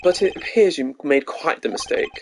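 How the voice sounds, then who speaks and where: A man's voice: fairly high pitch, moderate pace, slight background noise, lightly acted. A man voicing a smug male prosecutor who talks in a haughty, formal way, reading game dialogue aloud. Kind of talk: game dialogue read-along.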